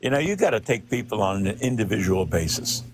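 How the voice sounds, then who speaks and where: A man speaking in a measured, conversational way during a podcast discussion. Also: on the low side, sing-song.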